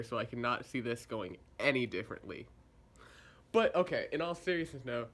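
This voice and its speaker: A man's voice: on the high side, a bit bright. A young man recapping and reviewing a show episode in a casual, sarcastic, chatty way, slipping into voices for quotes.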